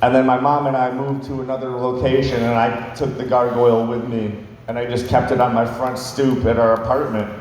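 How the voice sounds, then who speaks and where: A man's voice: medium pitch, level tone, fairly quick, a little mellow, a little hiss or hum. A young man in his twenties doing stand-up storytelling, rambling and swearing with lots of fillers. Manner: rambling, profane, filler-heavy. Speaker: stand-up comedian. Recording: echoey hall with long reverb.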